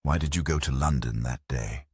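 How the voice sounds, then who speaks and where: A man's voice: rumbling low, normal speed, darkish tone, breathy edge, dry recording, clean studio sound. A man doing an earnest young husband. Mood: worried.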